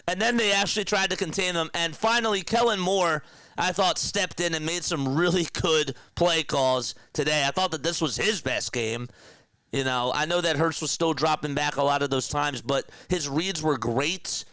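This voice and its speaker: A young man hosting a casual sports livestream, talking to his chat with excitement and emotion. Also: fairly high pitch, normal speed, clear, resonant tone, no room sound.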